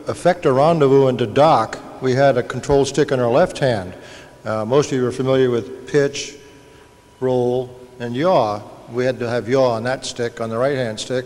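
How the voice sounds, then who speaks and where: An older man tells stories on a panel with a dry, joking manner. His voice sits at an ordinary pitch. A long reverb from a large hall trails each phrase. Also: darkish tone. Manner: dry humor, anecdotal.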